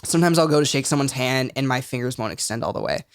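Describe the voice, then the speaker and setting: A man's voice: medium pitch, expressive, fast talker, clear, resonant tone, no room sound, clean studio sound. A young man as a podcast guest, speaking in an earnest, reflective, loose way. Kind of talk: casual podcast conversation.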